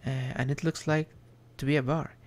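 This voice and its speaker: A man streaming an indie game, reading its text aloud in a measured, reflective way with small asides. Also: a little high, flat delivery.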